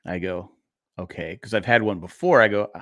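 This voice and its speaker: A man's voice: on the low side, moderate pace, a bit bright. Rambling middle-aged man telling a story. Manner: rambling storyteller, restarts and laughs. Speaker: podcast co-host. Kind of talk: casual chat.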